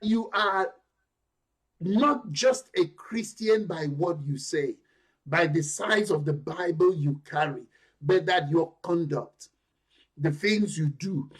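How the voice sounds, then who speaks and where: A male pastor delivers a sermon in a church, pressing his points with emphatic, building intensity. His voice sits high for a man. He takes his time, letting each phrase land slowly. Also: slightly rough. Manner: emphatic preaching with rising intensity.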